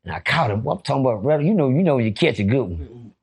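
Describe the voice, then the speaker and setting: A man telling a story on a podcast in a casual, animated way, acting out voices and throwing in profane asides. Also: mid-range voice, fast talker, a little hiss or hum.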